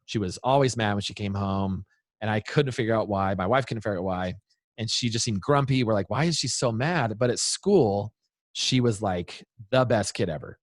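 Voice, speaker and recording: A man in his thirties or forties, an interview guest giving parenting advice in an earnest, animated way. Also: fairly low pitch, normal speed, dry recording, studio quality. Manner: earnest, animated, acts out quoted voices. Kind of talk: interview storytelling.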